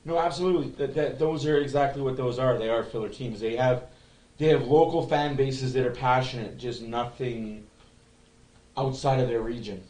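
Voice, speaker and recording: A man hosting a fan livestream, giving excitable casual commentary and chat, often repeating himself and swearing. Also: mid-range voice, normal speed, reverberant, low-quality recording.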